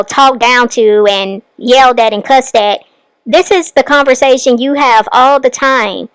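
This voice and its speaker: A woman's voice: a little high, smooth, no room sound, rough recording. A woman hosting a reaction commentary, scolding the person on screen with pointed rhetorical questions. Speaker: commentary channel host.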